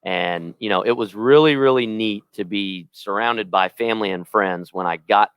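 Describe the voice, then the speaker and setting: This is a young man with a low voice, a rodeo announcer talking on a podcast. He tells his stories earnestly and often restarts his sentences. The sound is dry and close. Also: moderate pace, fairly bright tone, clear, resonant tone, no echo. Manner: earnest storytelling with many restarts. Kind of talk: casual podcast chat.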